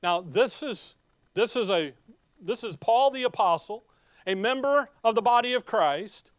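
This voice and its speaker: A man's voice: high voice, expressive, a little slow, no room sound, clean studio sound. A man preaching a sermon, reading scripture aloud and explaining it in an emphatic, conversational way full of rhetorical questions.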